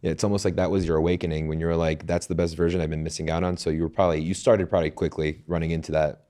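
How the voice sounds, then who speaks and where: A male podcast host with a very deep voice talks quickly and eagerly. He keeps affirming his guest in a loose, casual interview. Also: flat delivery, mellow. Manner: enthusiastic, affirming.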